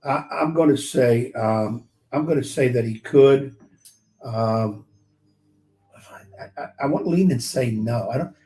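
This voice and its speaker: A man who is a football coach, co-hosting a sports talk show with easygoing, halting replies. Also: medium pitch, warm tone, roomy sound. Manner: easygoing, short replies, hesitant restarts.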